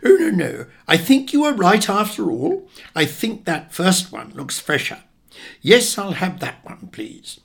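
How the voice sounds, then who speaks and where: Fussy fretting mother voiced by a man, higher pitch, lively swoops, gravelly edge. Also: unhurried, exaggerated voice. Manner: fussy, prone to exaggeration. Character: fussy nervous mother, middle-aged woman.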